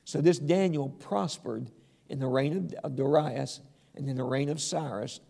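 A male preacher delivering a sermon, retelling scripture in an animated way and closing with a quiet prayer. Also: a little high, measured pace, creaky.

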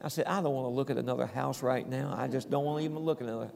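A man's voice: medium pitch, fairly even intonation, very fast, gravelly, darkish tone, long reverb tail. A man preaching a sermon as pastor, telling homespun stories and calling out to the congregation. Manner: folksy storytelling preacher, calls out "Amen?".

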